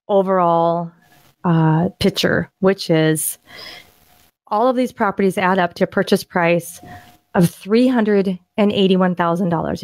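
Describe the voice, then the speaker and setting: A woman co-hosting a podcast, excitedly walking through property deals on screen in a casual, rambling way with frequent restarts. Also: mid-range voice, dry recording. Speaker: podcast co-host and land investor. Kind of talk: casual screen-share deal walkthrough.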